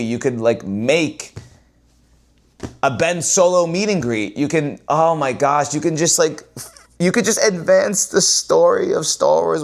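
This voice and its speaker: A man ranting casually to his viewers as a vlogger, repeating himself and swinging from loud exclaims to low mutters.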